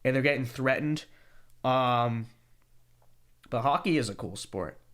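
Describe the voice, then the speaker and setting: His mid-range voice moves a little slowly and carries a slightly bright tone. He's a young adult podcast host on a casual livestream, reading super chats aloud and adding jokey, sarcastic asides and familiar catchphrases, fatigued but still chatty.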